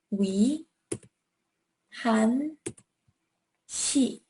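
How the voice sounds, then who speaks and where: A woman's voice: fairly high pitch, slow, darkish tone, slight background noise, low-quality recording. A young woman teaching an online language lesson, patient and encouraging, sounding out words one syllable at a time.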